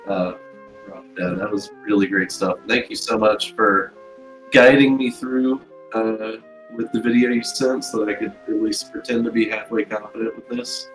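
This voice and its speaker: A man's voice: lowish voice, steady tone, normal speed, faint music behind, low-quality recording. A man with an American accent commentating, giving upbeat thanks at the end of a stream. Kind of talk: casual thank-yous on a stream.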